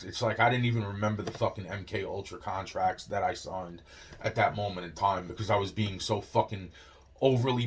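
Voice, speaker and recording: Rambling, profane young man. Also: fairly low pitch. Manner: rambling, profane, repeats filler phrases. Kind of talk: rambling monologue.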